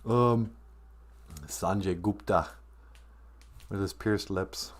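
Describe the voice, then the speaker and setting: Low-voiced sarcastic man in his fifties. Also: slow, pauses often. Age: 50s. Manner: sarcastic, mocking. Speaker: podcast host. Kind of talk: comedic commentary on a video clip.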